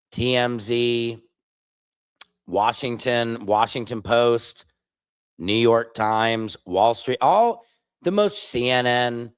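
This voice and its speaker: A man who is a father, casually ramble-chatting on his own livestream, digressing and mocking others with quick impressions. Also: medium pitch, clean tone, no room sound, studio quality. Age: adult, father of children. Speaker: streamer, independent commentator. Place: home studio.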